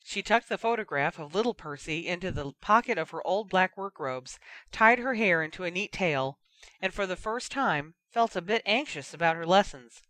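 An audiobook reader narrating a fan fiction story in a steady, even storytelling manner. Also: mid-range voice, normal speed, no echo.

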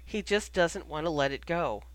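A tired, shaken teenage girl, as an audiobook reader puts her on. She halts and restarts as she explains herself. The voice sits mid-pitched and dry. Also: lively intonation, a bit bright, dry recording, close to an everyday voice, low-quality recording. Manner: hesitant, halting. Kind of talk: audiobook character voice.

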